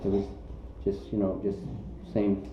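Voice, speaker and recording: Rambling low-voiced male volunteer. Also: completely flat delivery, measured pace, slight background noise. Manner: rambling, many fillers. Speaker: charity volunteer, interviewee. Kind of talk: casual interview answer. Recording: echoey, dull lo-fi sound, faint music.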